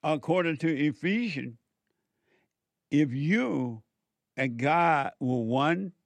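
A man preaching a sermon, scolding and emphatic, with sudden swings in loudness and pitch. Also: lively intonation, takes it slowly, vocal fry, no room sound.

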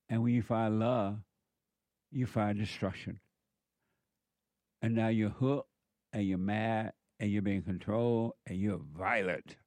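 A man's voice: lowish voice, a little mellow, no room sound. Man, preaching monologue, emphatic, repeats himself, rhetorical questions, dry close sound.

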